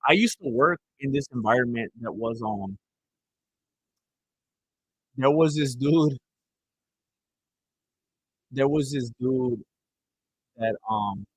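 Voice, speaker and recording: A man's voice: mid-range voice, expressive, slow pace, pauses often, breathy edge, no echo, low-quality recording. A man streaming a fight watch-along, chatting casually and rambling through stories between reactions. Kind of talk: casual live commentary.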